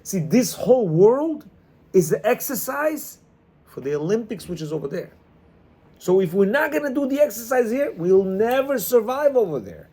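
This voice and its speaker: A man leads a class in a high, husky voice that rises and falls a lot. He hammers points home with emphatic repetition. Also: sing-song, normal speed, warm tone. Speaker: Torah teacher leading a class. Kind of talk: animated class talk. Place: classroom with students.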